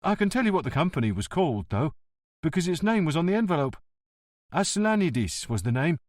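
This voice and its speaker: A man's voice: a little high, big pitch swings, a little fast, dry recording, clean studio sound, voice pushed up. A man reading an audiobook, voicing a humble, chatty postman who talks in a plain, eager way. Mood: helpful.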